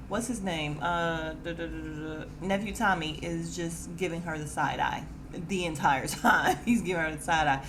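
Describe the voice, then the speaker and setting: A podcast host recaps a reality dating show in a sassy, animated way, putting on attitude-filled voices when quoting cast members. Her voice sits a little low for a woman, and there's background noise.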